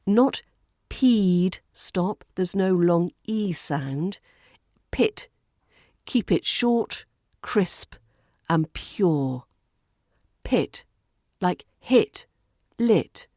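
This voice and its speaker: A woman with a British RP accent coaches listeners through pronunciation, modelling each word slowly and precisely. Her voice sits a little low for a woman and sounds dry and close, with no room around it. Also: dark tone, no room sound. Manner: slow, careful modelling of words. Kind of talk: podcast pronunciation lesson.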